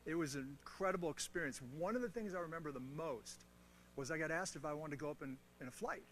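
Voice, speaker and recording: Guy doing a motivational talk, pretty high voice, jokey storyteller, pokes fun at himself. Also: fast, a little hiss or hum. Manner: animated storytelling with self-mocking asides; playful, audience-teasing humor. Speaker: guest speaker on mentoring. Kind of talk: motivational talk to a military audience.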